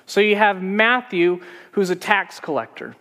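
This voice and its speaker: A man's voice: high voice, unhurried, sharp tone, big-room sound. A man preaching a sermon as pastor, telling stories in a conversational way.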